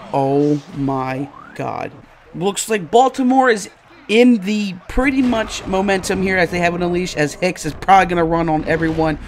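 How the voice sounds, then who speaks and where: A man hosting a gaming channel, giving live let's-play commentary and reacting excitably to each play. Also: high-pitched, a little hiss or hum. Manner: excitable, yelling and groaning at plays.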